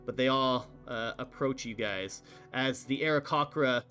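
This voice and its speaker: A man narrating as game master of a tabletop game, halting with many fillers. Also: medium pitch, pushed and bright, soft background music.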